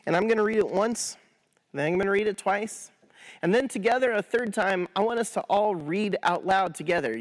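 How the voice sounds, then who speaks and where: A man guiding viewers through a scripture meditation, talking to them directly and encouragingly, then slowing into a soft, prayerful reading. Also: sits high. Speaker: pastor leading a guided prayer.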